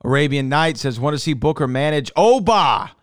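A man's voice: on the high side, lively intonation, moderate pace, no echo, studio quality. A man co-hosting a podcast, reading out listener questions in a playful, joking way. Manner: playful, jokey. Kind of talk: casual podcast chat.

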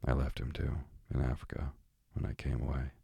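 Kindly storybook doctor, read by a man: deep, husky, dark tone, dry close sound. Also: flat delivery, normal speed, dry recording, exaggerated voice. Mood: mild. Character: kindly, absent-minded male doctor.

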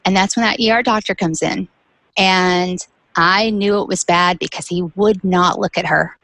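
A woman's voice: lowish voice, normal speed, fairly bright tone, dry recording, low-quality recording. A woman guest telling a personal caregiving story, candid, with light laughs between serious points.

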